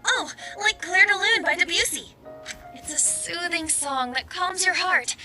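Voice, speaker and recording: Gentle caring young woman in a game, soft reassuring tone, high voice. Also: unhurried, music in the background. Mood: tender. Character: gentle young female pianist student, caring.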